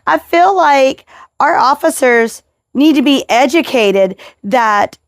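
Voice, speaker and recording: A woman's voice: sits high, animated, slow pace, dry recording, clean studio sound. A woman hosting a podcast, talking earnestly and with emphasis as she shares her own experience. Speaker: podcast host. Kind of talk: casual interview chat.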